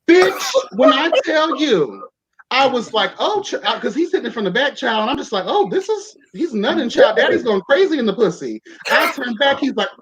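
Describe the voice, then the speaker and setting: On a talk show, a young male podcast host casually spins a story, campy and sassy, swearing and addressing people as child and honey. He speaks at a moderate pace in a very high, very animated voice with a fairly bright tone. The audio is dull and lo-fi.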